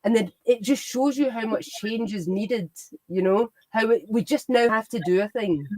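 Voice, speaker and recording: A woman's voice: on the high side, normal speed, a little mellow, no room sound. Emphatic woman. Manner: emphatic and opinionated. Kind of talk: casual political discussion.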